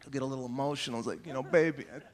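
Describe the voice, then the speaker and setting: A man doing stand-up comedy on stage, animated and exasperated, often shouting his punchlines. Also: medium pitch, racing, noisy background. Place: comedy stage before a live audience.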